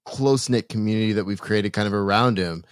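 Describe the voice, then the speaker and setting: A man co-hosting a podcast, talking earnestly in a halting way with many restarts. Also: fairly low pitch, no echo, studio quality. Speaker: podcast co-host. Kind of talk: casual podcast chat.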